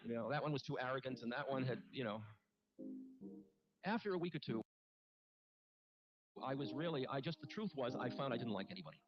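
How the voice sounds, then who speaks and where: A man speaking as a spiritual teacher, recounting a story in a candid, halting way and often restarting his sentences. His voice sits at a middle pitch. The recording is muffled, with music playing clearly beneath him. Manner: halting, candid, self-mocking, with frequent restarts. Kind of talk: reflective storytelling talk. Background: music playing underneath.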